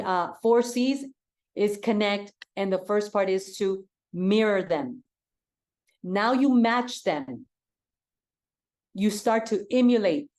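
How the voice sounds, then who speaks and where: A woman's voice: medium pitch, darkish tone. A woman real estate coach giving an enthusiastic, direct talk and repeating her key points for emphasis.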